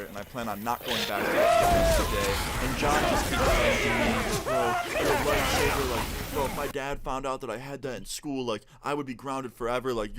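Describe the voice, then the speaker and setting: A man's voice: mid-range voice, background noise. A young man telling a casual, rambling personal story while gaming, with lots of "like". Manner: rambling, relaxed, heavy use of "like". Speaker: gaming video narrator. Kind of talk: casual storytime over gameplay.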